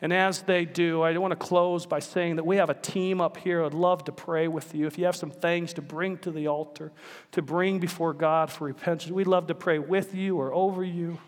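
A man's voice: on the high side, steady tone, normal speed. A male pastor preaching a sermon, exhortative and emphatic as he tells a story to his congregation in a church sanctuary. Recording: long church reverb.

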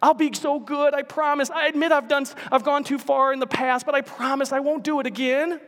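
A thin, ghost-like man, voiced by a preacher, stammering and pleading in a high, strained voice. He sounds panicky and rushed, and long church reverb trails every word. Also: flat delivery, a bit bright. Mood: panicked pleading. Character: thin frightened ghost-like man clinging to his sin.

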